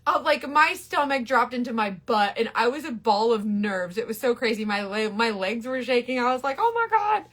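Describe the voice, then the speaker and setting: Woman, middle-aged, higher voice, chatty and bubbly live-stream host, rambling delivery. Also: normal speed, few pauses, a bit bright. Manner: chatty, bubbly, greets viewers by name; rambling with frequent restarts. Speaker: makeup seller doing a live stream. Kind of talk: casual live-stream makeup demo.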